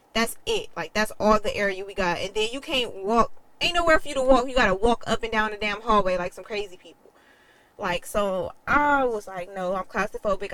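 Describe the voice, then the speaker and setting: A woman's voice: mid-range voice, a bit bright, rough recording. A young adult woman telling a personal story in a candid, emotional way, with casual swearing. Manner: quotes others in a changed voice. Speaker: vlogger.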